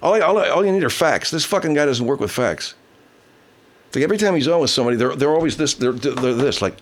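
A man's voice: medium pitch, expressive, fast talker. A man hosting a casual livestream, reading viewer comments, swearing heavily and ranting angrily. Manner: baby talk to his pet cat. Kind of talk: casual profane livestream chat.

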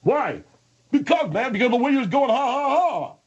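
Man voicing a high, husky dim-witted guy, swoops around a lot, dull lo-fi sound. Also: very animated, brisk, heavily acted. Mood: denying. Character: dim-witted grown man named Bud, whiny.

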